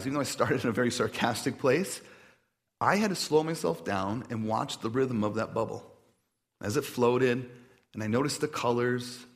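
A pastor delivers his sermon casually and conversationally in a mid-range voice, full of self-deprecating stories and asides. On reflective points he often goes quiet and slow.

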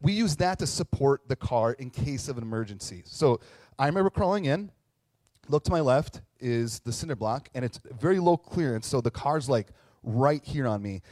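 A man's voice: medium pitch, normal speed, no room sound. A man in his thirties, a pastor telling a story in a sermon, joking and talking straight to the audience. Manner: animated, jokey, talks to the audience.

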